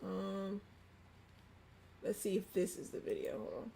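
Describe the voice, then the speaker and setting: A woman's voice: medium pitch, little pitch movement, unhurried, creaky, mellow, slight background noise. A young adult woman hosting a livestream, reading news quotes aloud in a chatty way with many ums and asides. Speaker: livestream host.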